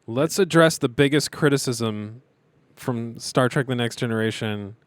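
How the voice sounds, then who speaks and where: A man's voice: medium pitch, a little slow, no room sound. Sardonic man in casual commentary. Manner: sardonic, mocking. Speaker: podcast co-host.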